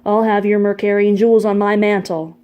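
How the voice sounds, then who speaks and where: A woman's voice: mid-range voice, little pitch movement, brisk, warm tone, smooth, dull audio, natural voice. A woman doing a roaring, burly tough. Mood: bellowing. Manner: bellowing, roaring. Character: burly, tubby, hot-tempered man.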